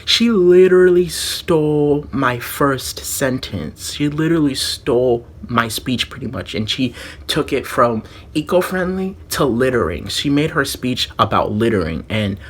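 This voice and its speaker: A man's voice: mid-range voice, lively intonation, measured pace. A man vlogger telling a rambling storytime monologue, full of "like" fillers and restarts.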